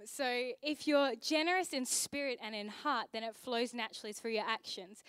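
A woman's voice: on the high side, a bit bright, clear, resonant tone, dry recording. A young adult woman pastor, preaching a sermon in a conversational, chatty way with asides.

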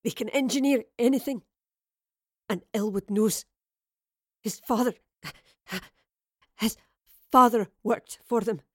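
A woman's voice: a little high, fairly bright tone, no echo. A stern female commander lies dying, her voice strained and gasping, each phrase forced out between breaths, as a woman reader plays her. It sounds like an audio drama reading. The sound is close and dry, with no room around it. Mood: strained, urgent. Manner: halting, breathy, urgent.

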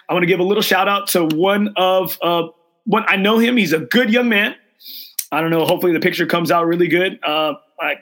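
High, bright-voiced enthusiastic male host. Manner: emotional, enthusiastic, repeats himself. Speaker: golf show host. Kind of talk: casual chat, live show sign-off.

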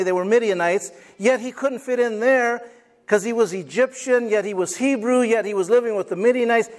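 Male pastor with a high voice, animated, dramatizes quoted voices while preaching. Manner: call and response with congregation. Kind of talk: sermon.

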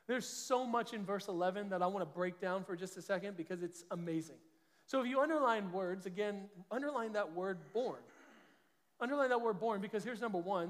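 A man preaches a sermon from a church stage. He talks with a high voice in an earnest, conversational way and often restarts his sentences. Long reverb from the hall trails each phrase. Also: fairly quick. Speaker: pastor.

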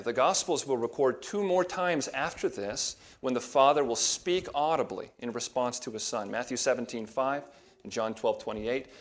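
A man preaching a verse-by-verse sermon as pastor, in a measured teaching tone that leans on key words. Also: mid-range voice. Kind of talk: expository sermon.

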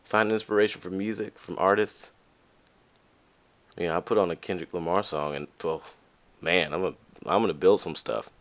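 A lively podcast host delivers a casual motivational monologue, talking candidly to listeners at normal speed with frequent pauses. He uses many fillers and restarts, and his pitch jumps high whenever he stresses a point.

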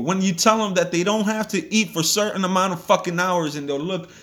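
A man's voice: sits high, fairly even intonation, a little fast, hardly any pauses, fairly bright tone. A man hosting a podcast, delivering a blunt, profane and heated motivational rant. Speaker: podcast host. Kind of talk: ranting motivational monologue.

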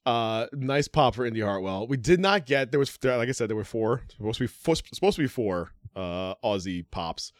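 A man's voice: mid-range voice, animated, moderate pace, few pauses, no room sound, clean studio sound. A man co-hosting a casual podcast, joking around and laughing often. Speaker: podcast co-host.

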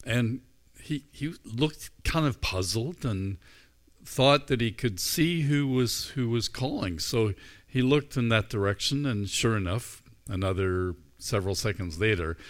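A man giving a sermon in a relaxed, storytelling manner, easing into his point through anecdotes. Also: mid-range voice. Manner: relaxed storytelling, unhurried and informal. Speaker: preacher.

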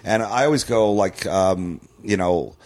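A man with a low voice sits in on a podcast as a comedian guest. He rambles loosely, drifts off mid-sentence and picks the thread back up. Now and then he breaks into a laugh at his own tales. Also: unhurried, darkish tone. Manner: rambling, trailing off, many fillers and restarts. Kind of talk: casual podcast chat.

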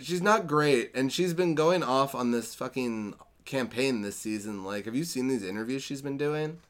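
A man hosting a casual podcast chat, sarcastic and swearing freely in quick bursts. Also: mid-range voice. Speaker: podcast host.

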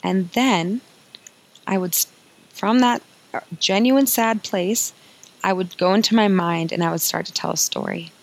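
A woman's voice: medium pitch, unhurried, creaky, pauses often, poor audio. A woman hosting a podcast as an emotional healing coach, talking in an earnest, confiding way and repeating phrases for emphasis.

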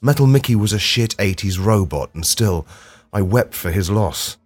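A low-voiced man talks through a comic podcast monologue in a dry, self-deprecating way. He swears freely and breaks into sudden loud outbursts. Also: animated, normal speed, breathy edge, soft background music. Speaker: podcast host. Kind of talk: comedic monologue.

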